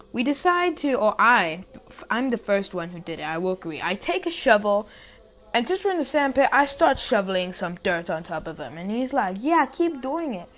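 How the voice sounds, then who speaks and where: A young woman telling a story about her school days in a casual, rambling way, with many restarts and asides. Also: mid-range voice.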